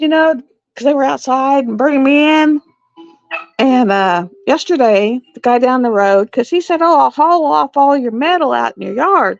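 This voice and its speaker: A woman's voice: high voice, animated, moderate pace, gravelly, dry recording, faint music behind. A middle-aged woman, telling a rambling story to her live stream viewers and laughing often. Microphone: phone or webcam on a live stream. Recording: dull, slightly lo-fi stream audio.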